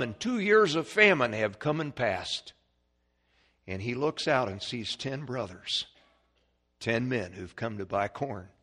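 A man preaching a sermon, emphatic, swinging from quiet passages to shouted ones. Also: medium pitch.

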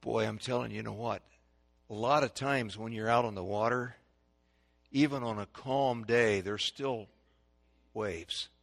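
A man preaching a sermon to a congregation, swinging between loud proclaiming and hushed, dramatic quiet. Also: fairly low pitch, measured pace, gravelly, long pauses.

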